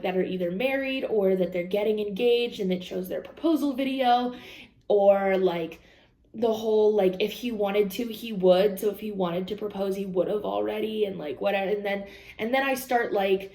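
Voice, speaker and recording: A woman's voice: mid-range voice, dark tone. A young adult woman talking candidly and rambling in a casual vlog, laughing often and quoting her own and others' words. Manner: candid, rambling, with frequent laughs and quoted asides. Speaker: vlogger. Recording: echoey room.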